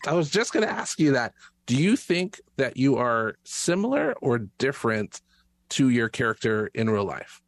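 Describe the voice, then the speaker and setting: A man's voice: medium pitch, very animated, moderate pace. A man interviewing a young guest on the radio, asking friendly, curious questions.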